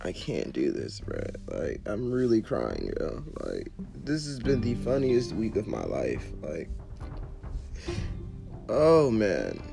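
A man's voice: fairly low pitch, wildly swooping pitch, slow pace, creaky, music in the background. A young man hosting a casual solo podcast, slangy and laughing in fits, swinging between giggles and serious ranting. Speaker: podcast host.

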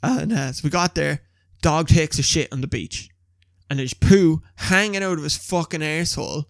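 A young man, an animated storyteller who swears freely in casual chat. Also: on the high side, normal speed, dry recording, studio quality. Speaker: podcast co-host.

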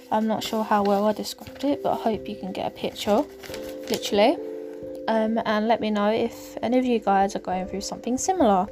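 Chatty woman over background music. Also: on the high side. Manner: rambling, hesitant with many ums. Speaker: podcast host. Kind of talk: casual faith podcast monologue. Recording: music clearly underneath.

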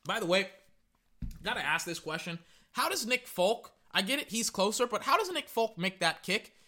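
He gives easygoing, rambling live reactions to football as a fan commentator, excitable and prone to repeating himself, in a high-pitched voice at a moderate pace.

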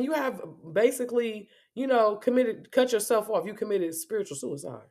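A woman's voice: mid-range voice, moderate pace, few pauses, darkish tone. A cursing, confrontational woman ranting. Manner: confrontational, heavy cursing, repeats herself. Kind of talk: profane spoken rant.

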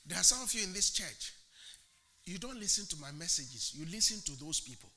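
A male pastor preaching an animated sermon in church, asking the congregation rhetorical questions and swinging from loud to hushed. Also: high voice, brisk.

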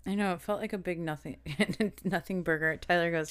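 A woman's voice: lowish voice, steady tone, a little fast, a loud crowd. A woman co-hosting a podcast, chatting casually, laughing often and trailing off mid-sentence. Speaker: podcast co-host. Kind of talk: casual chat.

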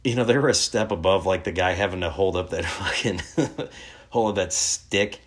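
Man, deep voice, thirties, laid-back rambling storyteller, swears a lot. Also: moderate pace, fairly bright tone. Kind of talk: casual storytelling.

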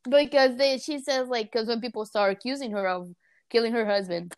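A woman's voice: fairly high pitch, brisk, clear, resonant tone, dry recording, studio quality. A woman in casual chat, telling a story with lots of laughter and acted-out quotes. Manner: animated storytelling, laughing often, acting out quotes.

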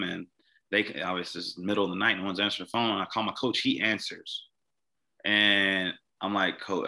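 Low, bright-voiced young man telling his story. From Mississippi. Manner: halting, repeats words and restarts often. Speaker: guest. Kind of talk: personal storytelling in an interview.

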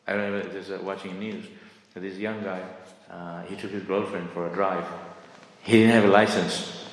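Middle-aged man, low voice, rambling sermon, echoey hall, faint hiss. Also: fairly even intonation, moderate pace. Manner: rambling and conversational, many fillers and restarts. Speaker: speaker giving a scripture class. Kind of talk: informal sermon, storytelling.

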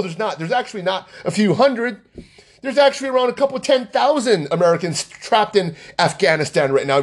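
A man ranting about politics in an agitated, angry way, often repeating himself. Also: sits high. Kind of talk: heated political rant.

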